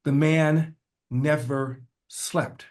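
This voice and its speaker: An older man, a podcast guest, telling a personal family story with animated, rhythmic repetition. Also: a little high, drawn-out words. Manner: acts out family dialogue in changing voices.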